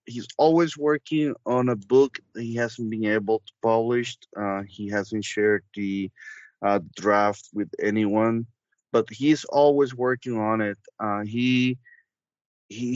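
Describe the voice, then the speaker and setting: A man's voice: mid-range voice, no echo, lo-fi sound. A man playing a tabletop game, describing his character hesitantly with many fillers.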